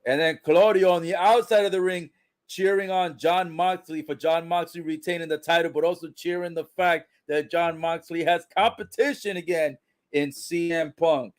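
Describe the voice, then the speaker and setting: A man reacting live to a wrestling broadcast, calling the action with frequent swearing and excited exclamations. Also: a little high, moderate pace.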